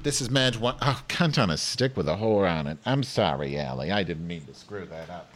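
A man's voice: sits low, animated, moderate pace. A man in comedic call banter, crudely swearing and bossing his partner while playing a mock news anchor. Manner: crude, bossy, profane joking.

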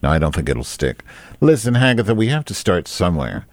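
A very deep-voiced man hosts a live online talk show from his desk mic. He rambles, fiddles with his settings and teases his guest crudely. The sound is dry and close, with no room around it. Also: sing-song, fairly quick, no room sound. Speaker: host. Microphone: desk microphone.

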